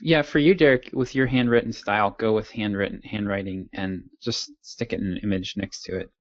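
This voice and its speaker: A man's voice: lowish voice, fairly even intonation, fairly quick. A man co-hosting a podcast in casual chat, giving direct, blunt advice. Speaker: podcast co-host. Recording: dull lo-fi audio.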